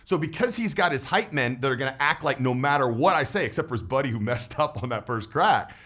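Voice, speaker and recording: A man in his forties, a voice and status coach, talking through a coaching vlog in an animated way and tagging his points with "right?". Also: medium pitch, brisk.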